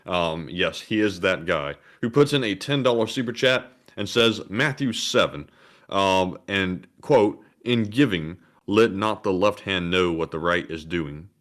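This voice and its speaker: A man's voice: deep voice, unhurried, a bit bright. A man co-hosting a live stream, reading viewer messages and making dry jokes. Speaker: co-host reading super chats. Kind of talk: casual live-stream banter.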